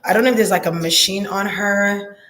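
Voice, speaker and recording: A woman's voice: medium pitch, steady tone, fairly quick, a bit bright. A woman giving a psychic reading in a hesitant, murmuring way, repeating words and trailing off. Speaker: psychic reader. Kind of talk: intuitive reading monologue.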